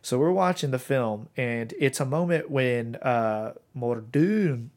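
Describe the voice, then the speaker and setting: A man in his thirties co-hosting a casual podcast, rambling through his points with plenty of ums and restarts. His voice sits at an ordinary middle pitch. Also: animated, slow pace, a little mellow. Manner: rambling, many fillers and restarts. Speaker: podcast co-host.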